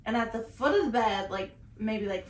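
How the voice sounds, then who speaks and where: A woman from Southern Indiana co-hosting a podcast, telling a story in casual chat, animated and swearing freely. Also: on the high side, moderate pace, echoey room, slight background noise. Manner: animated, swears freely, shouts when retelling. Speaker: podcast co-host.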